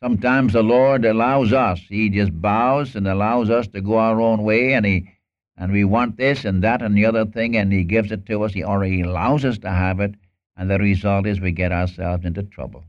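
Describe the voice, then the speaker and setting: Male preacher, earnest sermon delivery, slightly low voice, dull old recording. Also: steady tone, normal speed. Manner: earnest, acts out Bible dialogue.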